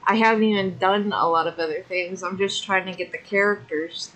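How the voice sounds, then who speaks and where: Bright-voiced giggly woman gamer. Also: lowish voice, steady tone, brisk, rough recording. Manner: giggly, laughs often. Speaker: streamer and tabletop player. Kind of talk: casual chat.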